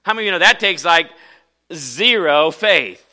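A man's voice: on the high side, animated, normal speed, pushed and bright. A man, a pastor, preaching a sermon in church, emphatic and often asking the congregation questions.

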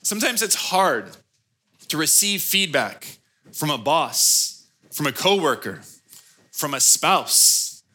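A man in his thirties, a pastor preaching a sermon with animated storytelling. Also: a little high, takes it slowly, long pauses, breathy edge. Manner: animated storytelling with acted-out quotes.

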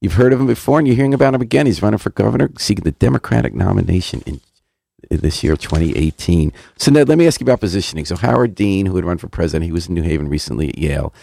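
An older man hosting a radio show, with a deep, gravelly voice. He fires off pointed questions at a fast clip. The studio sound is dry and close. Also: expressive, mellow, dry recording. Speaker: radio host. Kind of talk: radio interview.

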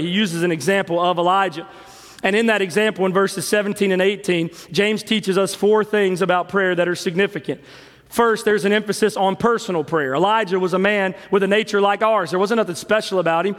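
A man's voice: high voice, a bit bright. A man preaching a sermon as pastor to his congregation, with passionate rising and falling emphasis. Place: church sanctuary with congregation. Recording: long hall reverb with faint music.

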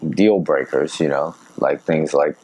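A man chatting as a podcast guest, telling his stories in a lively, animated way and laughing often. His voice is extremely deep. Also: unhurried, husky, rough recording. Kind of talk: casual conversation and storytelling.

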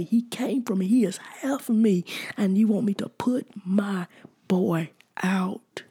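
A woman's voice: mid-range voice, gravelly, warm tone, breathy edge. A woman preacher giving a conversational sermon, often half-whispered.

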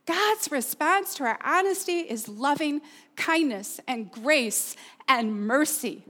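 Brief: middle-aged woman pastor, high voice, earnest personal sermon. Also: measured pace, fairly bright tone. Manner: earnest, personal, asks the audience questions.

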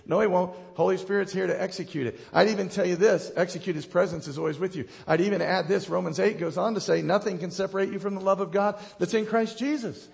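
A middle-aged man preaching a passionate sermon, rising to loud declarations and dropping to hushed, intimate moments. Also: sits high, brisk, gravelly. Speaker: pastor. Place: church sanctuary. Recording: long hall reverb.

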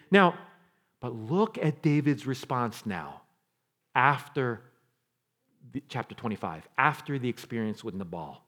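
A male pastor preaching a sermon with dramatic delivery, moving between loud passages and hushed near-whispers, with casual asides to the congregation. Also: mid-range voice, sing-song, measured pace, long pauses.

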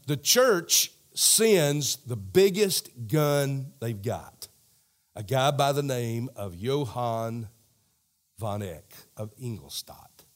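Brief: male preacher, animated storyteller, unhurried. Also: mid-range voice. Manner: animated storytelling, talks to the crowd directly. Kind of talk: sermon.

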